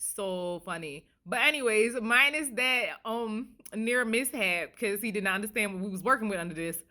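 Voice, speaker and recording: A woman's voice: mid-range voice, lively intonation, moderate pace, pushed and bright. A woman vlogger telling a funny story casually to the camera, laughing often, recorded on a handheld phone.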